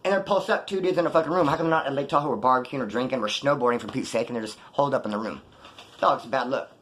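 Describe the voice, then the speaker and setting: Fast-talking, profane man telling a story. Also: mid-range voice. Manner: profane slangy street talk, animated retelling. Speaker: vlogger telling prison and post-release stories. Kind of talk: casual storytelling monologue.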